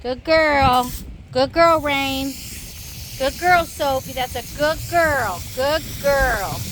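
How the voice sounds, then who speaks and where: A woman with a high voice coos sing-song praise at her dogs outdoors. The recording is full of loud wind and background noise, filmed on a phone. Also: takes it slowly. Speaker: dog breeder filming her dogs. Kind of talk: casual talk to dogs.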